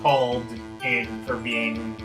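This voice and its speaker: A woman's voice: extremely low pitch, flat delivery, slow, recorded from a distance, loud music behind the voice. A woman hosting a let's play, chatting casually and loosely while she reads the game aloud.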